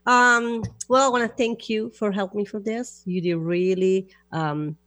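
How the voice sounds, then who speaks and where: A woman's voice: mid-range voice, fairly even intonation, measured pace, fairly bright tone, dry recording. A woman hosting a radio show, chatting casually and laughing easily in broken English.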